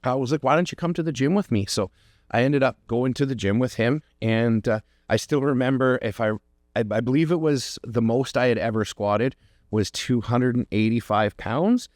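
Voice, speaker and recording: A man's voice: mid-range voice, moderate pace, darkish tone, no echo, clean studio sound. A man hosting a podcast, telling a personal story in an earnest, reflective way and encouraging his listeners. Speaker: podcast host.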